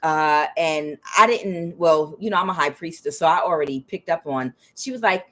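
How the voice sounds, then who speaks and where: Female tarot reader, lowish voice, casual and profane, storytelling with mimicked quotes. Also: moderate pace, hardly any pauses. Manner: frank and profane, with quoted asides in a higher voice. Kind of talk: casual spiritual reading and storytelling.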